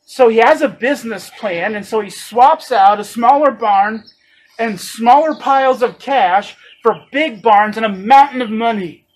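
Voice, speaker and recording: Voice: medium pitch, unhurried, low-quality recording. A preacher delivering a sermon, emphatic and fond of rhetorical questions.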